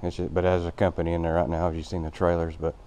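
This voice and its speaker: A vlogger touring a building, he's winded as he wanders a vast empty old factory with a handheld camera, rambling casually in plain words full of fillers. His voice is low-pitched and warm, the delivery completely flat and fast.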